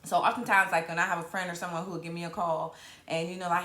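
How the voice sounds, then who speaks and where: A woman comedian from Virginia in her thirties, hosting a casual live stream in a playful, animated way. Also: on the low side, fast. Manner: animated, playful, southern-tinged slang with hype-up exclamations. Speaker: comedian and show host. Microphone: camera mic on a live stream. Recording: roomy echo.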